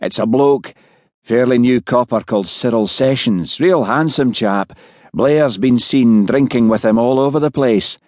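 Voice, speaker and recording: A man's voice: medium pitch, measured pace, a little mellow, dry recording, pitched above the performer's own voice, natural voice. A man voicing a gossipy, sniggering male police officer.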